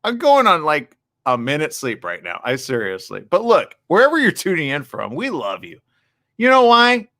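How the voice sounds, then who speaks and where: A sleep-deprived man hosts a live morning stream, ranting in a blunt, sarcastic way. His voice is bright and forceful and swings widely in pitch. The sound is dry and close. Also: wildly swooping pitch, normal speed, no echo. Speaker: live morning show host. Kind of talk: casual live-stream commentary.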